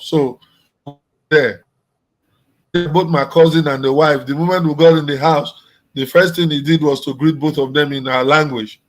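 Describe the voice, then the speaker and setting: A man from Nigeria chats in a relaxed, conversational way, sometimes restarting his sentences. His voice sits a little high for a man. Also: moderate pace, long pauses, rough recording. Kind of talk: casual chat.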